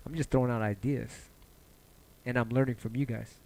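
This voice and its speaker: A man's voice: a little fast, creaky. A man hosting a casual livestream, talking loosely and passionately, cursing often and rambling between ideas. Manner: animated, jumps in pitch when excited. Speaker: livestream host.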